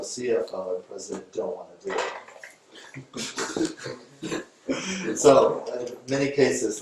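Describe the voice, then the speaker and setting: A man's voice: fairly low pitch, a little mellow. A man giving a conversational lecture as a yoga teacher, telling a story and acting out both sides of the dialogue in a raised voice. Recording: distant mic in an echoey room with faint noise.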